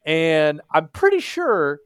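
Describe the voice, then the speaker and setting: A young man from Texas, hosting a casual hockey podcast, animated and swearing freely. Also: fairly high pitch, takes it slowly, clean tone, no room sound. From Texas, USA. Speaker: podcast host.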